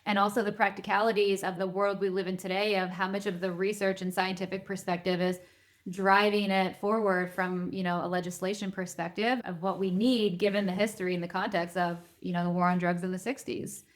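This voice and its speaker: A woman speaks as a podcast guest and advisor, answering questions in an earnest, measured way. Her voice sits at a middle pitch for a woman. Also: level tone. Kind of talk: interview answers.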